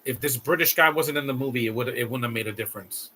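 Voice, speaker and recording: A man's voice: medium pitch, fast, pushed and bright, a little hiss or hum. A young man hosting a live stream, chatting casually and rambling with frequent restarts while reacting to a movie. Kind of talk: casual watch-along commentary.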